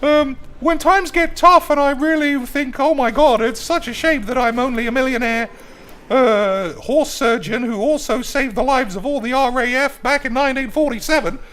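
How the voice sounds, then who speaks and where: A man's voice: moderate pace, fairly bright tone. A man putting on a gushing, boastful millionaire professor who is giddily donating money. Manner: gushing, shrill and giddy. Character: posh, boastful millionaire male professor donor.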